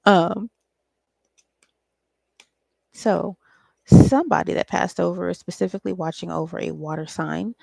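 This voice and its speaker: Woman, tarot reader, raspy fry in the voice, dry close sound, rambling with ums, casual cursing. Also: fairly low pitch, a little mellow, no echo. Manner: thinks aloud, loose and profane, with frequent ums. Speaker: tarot reader and psychic channeler. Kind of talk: casual solo tarot reading.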